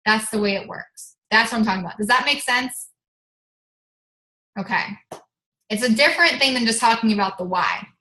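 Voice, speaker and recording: A woman leading a motivational team call as a fitness coach. She is energetic and chatty, scatters "like" through her talk and swears casually. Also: mid-range voice, roomy sound, low-quality recording.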